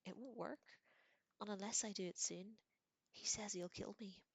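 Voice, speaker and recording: A woman voicing a desperate teenage boy who speaks tearfully in a raised pitch. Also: steady tone, moderate pace, breathy edge, no echo.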